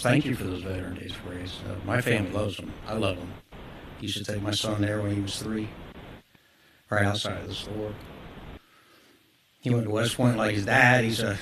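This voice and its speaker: Earnest older man with a lowish voice. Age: 60s. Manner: earnest, heartfelt, conversational. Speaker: business owner speaking at public comment. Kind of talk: personal public comment at a council meeting. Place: city council chamber. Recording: noisy council chamber recording.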